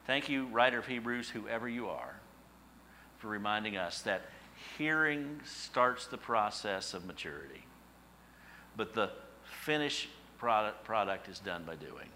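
A middle-aged male pastor preaching a sermon, telling stories with emphatic, animated repetition. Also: lowish voice, measured pace, a little hiss or hum, rough recording.

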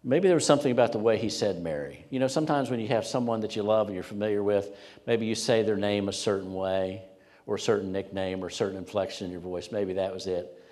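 A man preaching a sermon, earnest, swinging from loud emphasis down to near whispers. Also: fairly low pitch, fast talker. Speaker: pastor. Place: church sanctuary. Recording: long hall reverb.

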